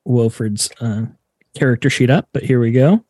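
A man runs a tabletop session and narrates what the players find in a loose, chatty way, full of ums and restarts. His voice sits at an ordinary middle pitch and sounds dry and close to the mic. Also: moderate pace, no room sound. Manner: relaxed, chatty, filler-heavy. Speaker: game master.

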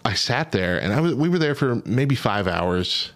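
A man in his thirties hosting a casual podcast chat, telling stories with lively acted-out quotes. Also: mid-range voice, moderate pace. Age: 30s. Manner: animated storyteller acting out phone calls. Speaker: radio podcast host.

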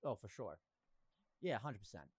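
A man's voice: fairly low pitch, big pitch swings, moderate pace, breathy edge, dry recording. A man guesting on a podcast in casual chat, giving blunt, joking opinions.

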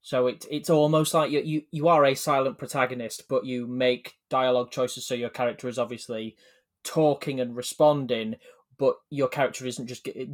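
A man co-hosting a casual gaming podcast, explaining things at length with many ums and halting restarts. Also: medium pitch. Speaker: podcast co-host.

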